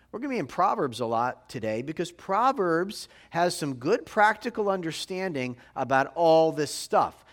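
A middle-aged male rabbi delivers a sermon in a chatty, direct way, checking in with his listeners again and again. His voice sits a little high for a man and swings widely in pitch as he stresses his points. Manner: conversational preaching, frequent tag questions.

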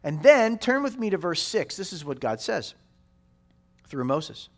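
Lively high-pitched preacher man in his forties. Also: unhurried. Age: 40s. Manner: emphatic, repeats phrases, asks the listeners "right?". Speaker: pastor. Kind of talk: sermon.

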